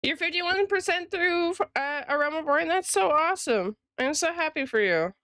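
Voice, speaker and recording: A woman's voice: very high-pitched, expressive, normal speed, fairly bright tone, dry recording, clean studio sound. A woman streamer and illustrator chatting casually with her live viewers, rambling and greeting them by name.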